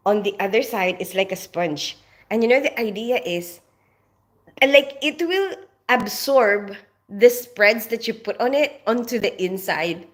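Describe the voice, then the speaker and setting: A woman's voice: mid-range voice, animated, measured pace. A woman who grew up in the Philippines, casually chatting on a live stream, reading out comments and greeting viewers by name while laughing often. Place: home in North London.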